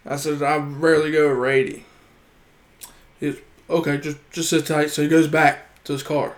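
A man on a casual chat show, rambling through a story and quoting everyone in it. His voice sits a bit high for a man, and his talk is loose, profane and full of restarts. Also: level tone, normal speed. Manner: rambling anecdote teller, quoting others, swears freely. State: gets heated and shouts when indignant.

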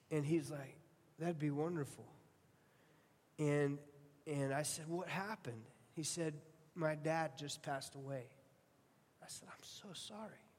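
A male pastor preaching a sermon, earnest and storytelling, often restarting his phrases. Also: on the high side. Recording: long hall reverb.

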